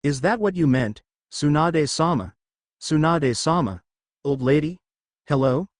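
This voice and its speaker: An eager young ninja who blurts out whatever he thinks in a blunt, earnest way, read by a man in his natural voice. The reading is close and dry, with very lively intonation. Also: a little high, normal speed, no room sound, natural voice. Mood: playful. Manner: blunt, earnest, a little awkward. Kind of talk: fan fiction story reading.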